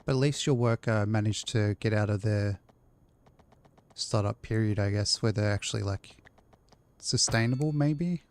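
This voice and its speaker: A man's voice: fairly low pitch, moderate pace. A man live-streaming a city-building game, chatting casually and rambling to his chat while he plays.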